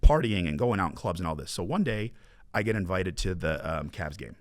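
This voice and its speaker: A man, a mortgage broker guest, telling animated stories in a casual interview, acting out quoted dialogue and dropping to a hush. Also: sits low, a little fast, no echo. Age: 20s.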